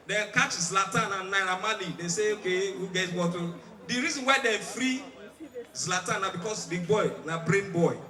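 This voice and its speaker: A man's voice: high voice, bright, forceful tone. A man with a Nigerian accent doing stand-up comedy, telling stories in Pidgin and mimicking sirens and other people's voices. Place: large outdoor stage. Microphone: stage microphone. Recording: echoey live venue, mic at a distance.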